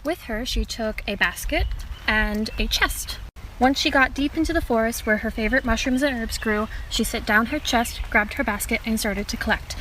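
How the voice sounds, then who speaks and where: A woman narrating a folk tale in a soft, measured storybook manner. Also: a little high, a little hiss or hum, low-quality recording.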